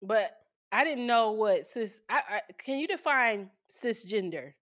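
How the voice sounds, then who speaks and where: A laid-back woman co-hosting a podcast in casual chat, who giggles often. Her voice sits a little high. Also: animated, a little slow, fairly bright tone. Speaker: podcast co-host.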